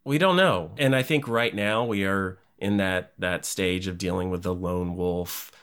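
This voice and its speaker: A deep-voiced man hosts a podcast interview. He speaks earnestly and searches for words as he goes. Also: unhurried, fairly bright tone, clear, resonant tone. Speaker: podcast host.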